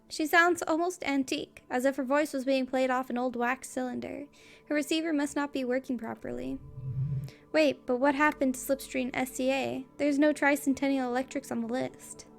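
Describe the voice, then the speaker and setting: High, gravelly woman reading game text. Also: fairly even intonation, moderate pace, faint music behind. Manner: casual, wry asides. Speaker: let's play gamer.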